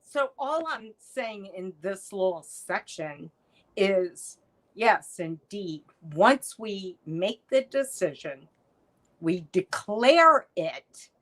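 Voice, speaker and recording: Slow, animated woman telling a story. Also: mid-range voice, low-quality recording. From United States. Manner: animated storyteller, acts out quoted lines. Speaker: podcast guest, artist. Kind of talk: storytelling interview chat.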